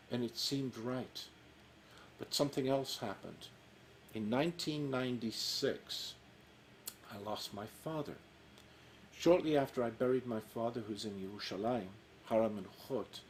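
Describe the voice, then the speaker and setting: A man's voice: mid-range voice, poor audio. Man in his sixties telling a story. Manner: warm storyteller, acts out quoted dialogue. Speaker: cantor, interview guest. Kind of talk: storytelling in a casual interview. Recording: faint background noise.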